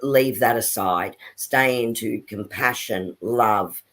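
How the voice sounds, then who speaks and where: A woman's voice: very deep voice, takes it slowly, a bit bright. An earnest woman talks through a live spiritual stream in an easy, casual way. She encourages her listeners and answers viewer comments as they come in.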